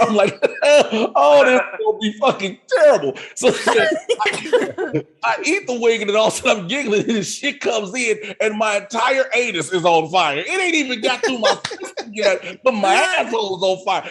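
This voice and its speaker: A man's voice: sits high, slightly rough. A man co-hosting a comedy show on a video call, telling a story with lots of laughing and acted-out yelps. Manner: animated, laughing through the story, acting out his own shouts. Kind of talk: storytelling stand-up. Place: home setup on a video call. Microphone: video call mic.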